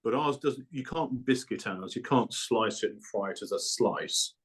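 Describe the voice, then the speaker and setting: A male guest, a food producer, talking with enthusiasm in casual chat and clearing his throat often. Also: mid-range voice, normal speed.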